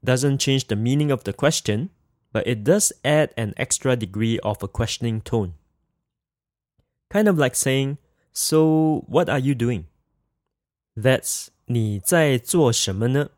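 Slow, careful male language teacher. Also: medium pitch, darkish tone, no room sound, clean studio sound. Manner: slow, careful, repeats each example phrase twice. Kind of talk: scripted language lesson.

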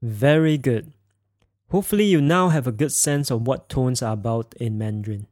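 A man teaching a podcast language lesson, speaking slowly and clearly as he demonstrates tones. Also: mid-range voice, a little mellow, dry recording.

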